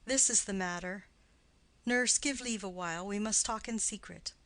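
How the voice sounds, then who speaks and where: A woman's voice: medium pitch, moderate pace, a bit bright, dry recording, lightly acted. A woman reading as a cool noble mother. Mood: measured. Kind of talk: audiobook play reading.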